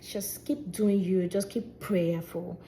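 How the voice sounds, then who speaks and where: A young Nigerian woman with a Nigerian accent, a singer and vlogger, telling her own story in a casual, animated way with bits of Pidgin. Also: fairly low pitch, slow, slight background noise. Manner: animated, expressive retelling with Nigerian Pidgin touches.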